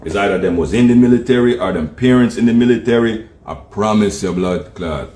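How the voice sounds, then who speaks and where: A man's voice: fairly low pitch, fairly quick, warm tone. Jamaican guy ranting on stream, cussing and laughing a lot, patois slips in, echoey room. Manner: blunt, swearing, laughs often, lapses into patois. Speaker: livestreamer. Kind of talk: profane livestream rant.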